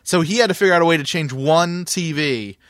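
A man's voice: on the high side, fairly quick, fairly bright tone, no room sound, clean studio sound. A man co-hosting a podcast, telling a story in casual chat, with many fillers and restarts. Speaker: podcast co-host.

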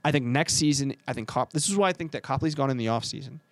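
A man co-hosting a casual chat, talking fast and correcting himself as he goes. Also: medium pitch, no room sound. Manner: rambling, quick, self-correcting. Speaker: podcast co-host.

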